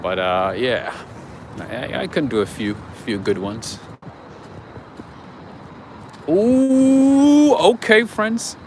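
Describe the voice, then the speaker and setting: A man's voice: fairly low pitch, a little slow. A man hosting a casual livestream outdoors on a city street, chatting with viewers and greeting them by name. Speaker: livestream host. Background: street traffic.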